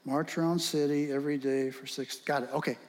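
Brief: flustered male note-taker, a touch lower and quieter, played by a preacher, in a reverberant hall. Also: fairly even intonation, a little fast, lightly acted. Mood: fussy. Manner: fussy note-taking, incredulous. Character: flustered man taking notes, male.

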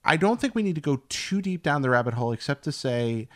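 A man's voice: a little high, very animated, quick pace. A man co-hosting a podcast, chatting casually and explaining things to listeners with wry humor. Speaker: podcast co-host. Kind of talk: casual chat.

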